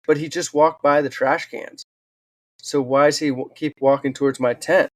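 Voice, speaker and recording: A man's voice: a little high, normal speed, no room sound. Earnest man telling stories in an interview. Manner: earnest, animated storytelling with fillers. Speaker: podcast guest, wildland firefighter and author. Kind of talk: storytelling in a casual interview.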